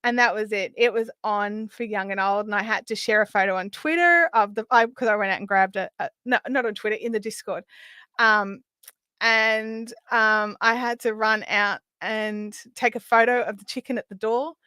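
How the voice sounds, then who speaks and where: A middle-aged Australian woman hosting a live craft stream, chatting casually and telling stories as she works, often trailing off into quiet asides. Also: medium pitch, normal speed, smooth, no echo. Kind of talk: casual chat while crafting.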